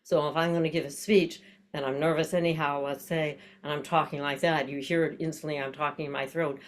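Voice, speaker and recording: A woman's voice: low voice, little pitch movement, fairly quick. An older woman teaching an online voice class, explaining breath and posture and demonstrating with tongue-twisters and nonsense syllables.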